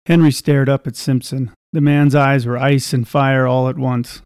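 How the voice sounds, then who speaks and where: A man reading a scripted story aloud in a measured, even way. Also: mid-range voice, clear, resonant tone, dry recording, clean studio sound.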